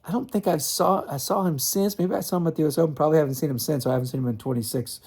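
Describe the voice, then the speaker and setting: A man's voice: on the high side, rapid-fire, creaky, a little mellow, slightly rough. Rambling man telling a tennis story. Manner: rambling, many fillers and restarts. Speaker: tennis magazine writer. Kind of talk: casual storytelling.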